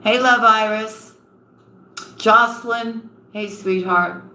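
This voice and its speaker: A woman's voice: fairly high pitch, steady tone, takes it slowly, pushed and bright. Affectionate tarot reader woman, roomy sound. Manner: affectionate, calls viewers honey and sweetheart. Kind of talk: live-stream tarot reading and chat. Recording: roomy echo with faint ambience.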